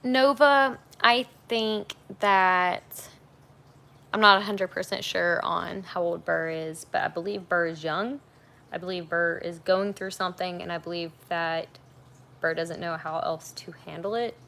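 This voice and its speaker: Young woman, livestream host, low gravelly voice, chatty, candid, rambling. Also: steady tone, a little slow, bright, forceful tone. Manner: chatty, frank, rambling with fillers. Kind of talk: casual livestream chat. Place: at home on a couch.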